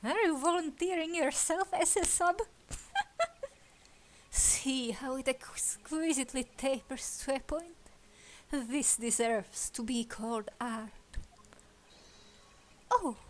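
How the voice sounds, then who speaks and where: A woman's voice: high voice, lively intonation, slow, long pauses, slight background noise, full character voice, poor audio. A flamboyant, teasing man, as a woman puts him on, lingers over every word in a theatrical, lilting voice. He is fond of fine things and needles his listener. A game character read aloud. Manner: theatrical, purring, savoring each word.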